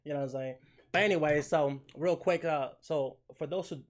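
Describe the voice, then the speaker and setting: A young man hosting a casual gaming podcast, animated and joking, swearing freely and full of fillers. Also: on the high side, fairly quick. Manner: animated, joking, swears a lot, fillers like "you know what I'm saying". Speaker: podcast host. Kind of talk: casual chat.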